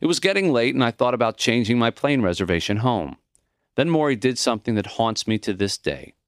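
A man's voice: medium pitch, very animated, brisk, no echo, studio quality. A man reading his own memoir as an audiobook narrator, telling the story in a reflective, intimate first person.

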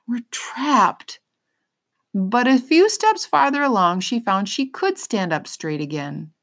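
A woman reading a children's novel aloud, pausing to explain words in plain terms. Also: medium pitch, fairly bright tone. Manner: pauses to explain words simply. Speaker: reader. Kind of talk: storybook read-aloud for children.

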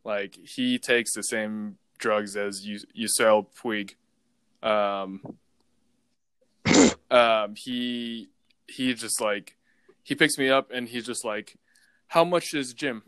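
A man's voice: lowish voice, steady tone, slow, pauses often, fairly bright tone, clear, resonant tone, no room sound. A man telling a long casual story, rambling with lots of fillers and the odd swear word. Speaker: podcast host telling stories. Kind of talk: casual chat.

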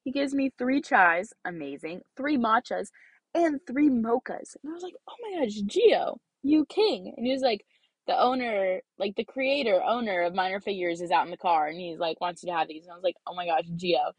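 A woman's voice: medium pitch, brisk, no room sound. A young woman in her twenties, a student, telling a rambling, filler-heavy story in a casual vlog, a bit congested. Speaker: student vlogger.

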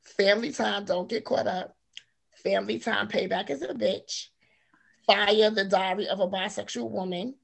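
A woman in her forties, an author guest telling her story in casual interview chat, animated and quick to laugh. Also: mid-range voice, gravelly. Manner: animated storyteller, laughs often, acts out quotes.

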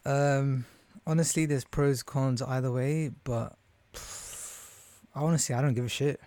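A man's voice: medium pitch, steady tone, unhurried, dark tone, clean tone, dry recording. Laid-back young man, dry delivery. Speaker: podcast co-host. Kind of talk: casual chat with friends.

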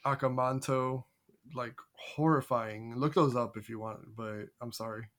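A man's voice: medium pitch, fairly even intonation, unhurried, fairly bright tone. A man co-hosting a podcast in a casual group chat, easygoing and joking. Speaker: podcast co-host.

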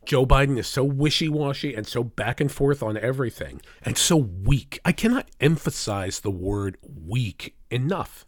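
A man rants through a sarcastic, profanity-laced political commentary, combative from start to finish. His voice sits at a typical middle pitch for a man. The recording is dry and close, with no room sound. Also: lively intonation, normal speed, few pauses, no echo. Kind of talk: opinion rant.

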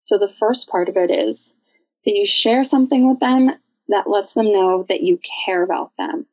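A woman's voice: medium pitch, normal speed, a little mellow, no room sound. A woman hosting an instructional podcast, talking casually with self-aware asides. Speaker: orientation and mobility instructor, podcast host. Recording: dull lo-fi dry sound.

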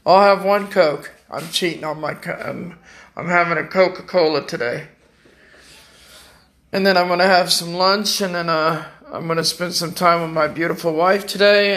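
Man, vlogger, high gravelly voice, rambling heartfelt chat with jokes. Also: a bit bright. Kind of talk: casual chat.

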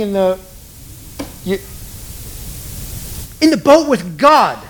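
A man's voice: high voice, big pitch swings, slow pace, long pauses. A middle-aged man preaching a sermon in a casual, joking way, acting out the voices of the people he quotes. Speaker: pastor.

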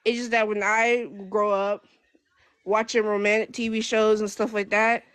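A young woman speaking as a guest in casual chat, with a stutter that breaks her speech into halting restarts. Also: mid-range voice, flat delivery, a bit bright, clear, resonant tone, no echo.

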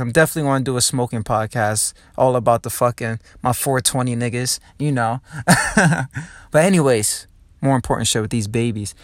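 A young man from New Jersey hosting his own podcast, ranting in a profane, rambling and excitable way. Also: medium pitch, dry recording, studio quality. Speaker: podcast host. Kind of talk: casual podcast monologue.

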